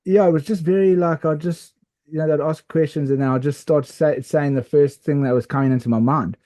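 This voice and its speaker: A man co-hosting a podcast, telling a story in a rambling, animated way with lots of fillers and restarts. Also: a little high, fairly quick, dry recording. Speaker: podcast co-host. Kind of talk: casual storytelling chat.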